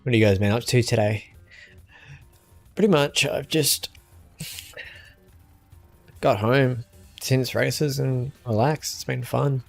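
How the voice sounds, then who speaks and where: Gravelly young man chatting on stream. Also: medium pitch, slow pace, long pauses, faint music behind. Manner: relaxed, chatty, answers chat with small laughs. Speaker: gaming streamer. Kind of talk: casual game stream chat.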